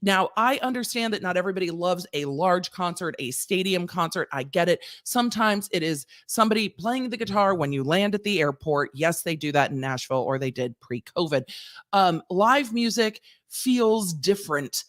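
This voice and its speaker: A woman's voice: on the low side, normal speed. Exasperated woman ranting. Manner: exasperated, animated ranting with rhetorical questions. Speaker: lawyer and channel host. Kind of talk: casual ranting monologue.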